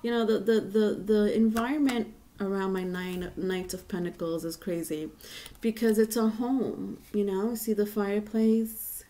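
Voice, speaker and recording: A woman's voice: medium pitch, fairly even intonation, a little slow, mellow. A woman giving a casual tarot reading to viewers, rambling and chatty with many fillers and restarts. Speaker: tarot reader.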